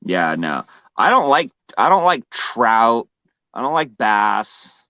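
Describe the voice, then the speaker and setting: A man's voice: medium pitch, sing-song, takes it slowly, sharp tone, no echo. A man in casual conversation, talking in a rambling, laid-back way, full of fillers and restarts. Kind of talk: casual chat.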